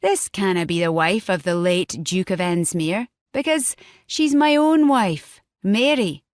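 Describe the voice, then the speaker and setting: Woman playing gruff Scottish war chief. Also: mid-range voice, a little slow, no room sound, studio quality, lightly acted. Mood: disgusted. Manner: stiff, gruff. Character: stern Scottish clan war chief, man.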